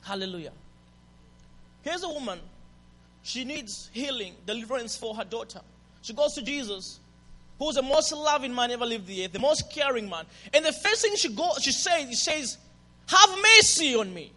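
A man preaching a passionate sermon as a pastor, dropping to a hush and then building to shouts. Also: very high-pitched, expressive, moderate pace. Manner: passionate, swings from hushed to shouting. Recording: reverberant hall.

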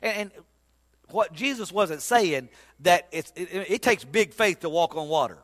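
A man preaching a sermon, telling the story in an animated, folksy way with sudden loud bursts. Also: sits high, unhurried. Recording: long hall reverb.

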